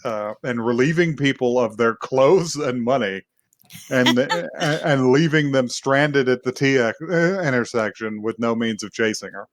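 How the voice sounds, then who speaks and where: Man, podcast co-host, rambling anime recap, laughs a lot, medium pitch, dry close sound. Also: moderate pace, no room sound. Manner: rambling, laughing, acts out quotes. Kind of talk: casual anime recap chat.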